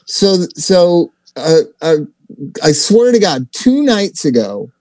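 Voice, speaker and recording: A man's voice: high voice, very animated, slow pace, darkish tone, dry recording. A middle-aged man calling in to a casual chat, reminiscing in a wistful way and repeating himself. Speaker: guest caller.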